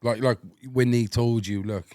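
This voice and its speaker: Male podcast host, mid-pitched voice, casual, agreeable, dry close sound. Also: steady tone, mellow, smooth, no echo. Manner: chatty, quick to agree, asks leading questions. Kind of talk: casual interview chat.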